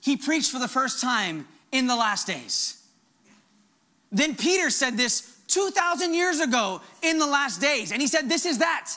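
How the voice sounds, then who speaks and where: A fervent male pastor delivering a sermon. His voice is high and bright. His pitch swings widely as he drives each point home. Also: unhurried. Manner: fervent, animated preaching.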